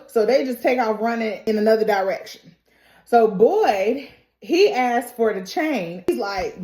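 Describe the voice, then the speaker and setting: A woman giving a casual, animated recap and reaction, laughing often and acting out the characters' quotes. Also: on the high side, moderate pace. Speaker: TV recap vlogger. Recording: roomy echo.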